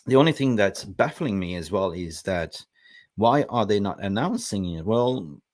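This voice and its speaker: Man, young adult, low voice, blunt livestream host in a dry-sounding room. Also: normal speed, no room sound. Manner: blunt, animated, talks to viewers. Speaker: football channel host. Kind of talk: casual livestream chat.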